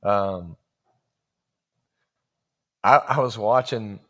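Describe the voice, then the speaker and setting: A man, preaching through a folksy, animated story and acting out the dialogue. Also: on the low side, drawn-out words. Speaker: guest preacher. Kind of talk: storytelling sermon.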